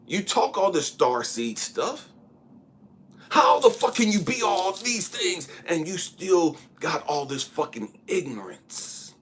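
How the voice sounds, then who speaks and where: A man's voice: high voice, very animated, slow, fairly bright tone, a little hiss or hum. A man giving a blunt, profane spiritual monologue, preaching hard and at times dropping into a whisper. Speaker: spiritual speaker.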